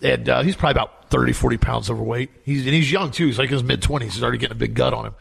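A man co-hosting a talk show, telling personal stories in a relaxed, conversational way with frequent restarts. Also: mid-range voice, gravelly, husky. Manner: conversational storytelling, halting restarts. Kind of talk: casual chat.

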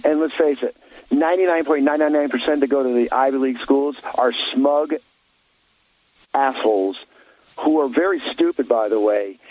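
Man, talk radio, blunt, opinionated, rambling, middle pitch, dull lo-fi sound. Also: a little mellow, a little hiss or hum. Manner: blunt, rambling, many restarts.

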